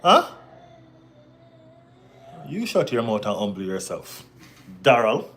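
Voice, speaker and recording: A man's voice: fairly low pitch, sing-song, normal speed. A man hosting a football live stream, reading chat and answering viewers in a casual, bantering way with frequent "you know what I mean".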